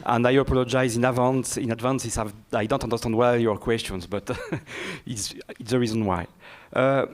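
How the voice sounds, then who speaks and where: A man from France with a French accent, a native French speaker, speaking as a project manager at a panel briefing, halting and searching for words. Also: medium pitch.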